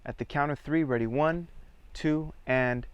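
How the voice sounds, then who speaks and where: A man leading a theatre workshop, giving calm, measured guided instructions and counting participants into each exercise. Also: on the high side, smooth, dry recording, dull audio. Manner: calm, measured, counts students in and prompts them.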